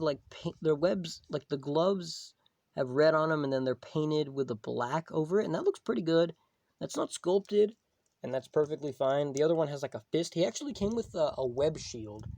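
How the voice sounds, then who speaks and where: A man's voice: fairly high pitch, animated, normal speed, creaky, a little mellow, no echo. A young man giving a casual, rambling toy review at home, filling his talk with "like" and "you know". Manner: rambling, filler-heavy, full of "like".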